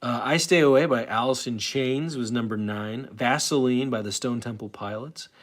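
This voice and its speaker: A man's voice: mid-range voice, moderate pace. A man in his forties hosting a live stream in a casual, rambling way, often breaking off and starting again with fillers. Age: 40s. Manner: rambling, self-interrupting, many fillers.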